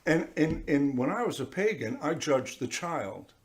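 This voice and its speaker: His voice is on the high side and his pace a little slow as this priest gives an informal sermon in church. He's animated and speaks straight to his listeners, doing little voices for effect.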